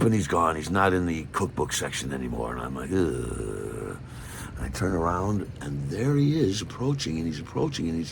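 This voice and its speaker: A man telling a personal story in an animated, self-mocking way. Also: low-pitched, gravelly, slight background noise.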